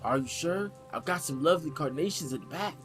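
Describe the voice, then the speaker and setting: A man voicing a chatty older female flower seller in a put-on country accent, drawn out and higher than his own voice. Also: expressive, a little fast, a bit bright. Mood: fussing. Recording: background music.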